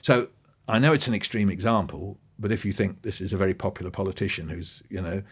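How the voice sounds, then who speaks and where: Animated man, low voice. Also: fast, slightly rough. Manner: animated storytelling, swinging pitch. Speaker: guest. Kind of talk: conversational podcast interview.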